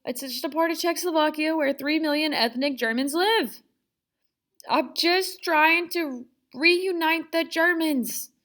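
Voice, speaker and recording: A woman's voice: high-pitched, unhurried, fairly bright tone, voice pushed up. A woman voicing a smug male dictator, making demands in a breezy, mock-reassuring way.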